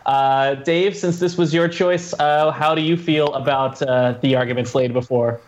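A man's voice: fairly high pitch, fairly even intonation, moderate pace, lo-fi sound. A man moderating a casual podcast debate, hesitant with many fillers and wry asides.

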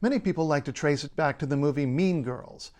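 Man explaining in a higher voice. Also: a little mellow. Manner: measured, playful explaining. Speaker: linguist and writer. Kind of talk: scripted explainer narration.

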